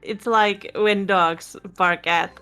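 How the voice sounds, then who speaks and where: A woman's voice: medium pitch, steady tone, slow, pushed and bright, clear, resonant tone, faint music behind. A woman chatting casually as a guest in an online board game, laughing between words and restarting her sentences, on a home microphone over a video call. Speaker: guest player. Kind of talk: casual chat while playing online.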